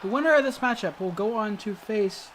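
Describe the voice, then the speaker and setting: A woman commenting play by play on a wrestling video game, calling the moves with sudden excited exclamations and frequent hesitant fillers and self-corrections. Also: medium pitch, fairly quick, a little hiss or hum. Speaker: gaming video host.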